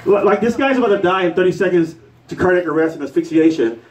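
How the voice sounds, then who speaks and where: A man's voice: high voice, lively intonation, fast, distant mic, low-quality recording. A man from Puerto Rico doing live stand-up comedy in a bar, rambling loosely and acting out quotes. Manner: loose, rambling delivery with fillers and acted-out quotes. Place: bar stage with a live audience.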